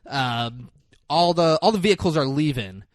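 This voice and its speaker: Animated swearing podcast recapper man. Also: on the high side, moderate pace, dry recording, clean studio sound. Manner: animated storytelling, acts out lines, swears, laughs. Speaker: podcast co-host. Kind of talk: casual movie recap chat.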